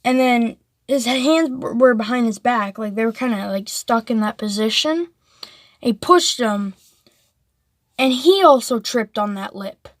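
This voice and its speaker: Woman, casual rambling story, slightly high voice, dry close sound. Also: measured pace, no echo. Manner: rambling, full of "like" and restarts.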